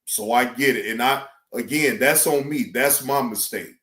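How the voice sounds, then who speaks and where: A man's voice: moderate pace, reverberant. A man chatting loosely and profanely on a live stream. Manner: loose, animated, profane, slangy, mimics others in high voice. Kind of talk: casual live stream chat.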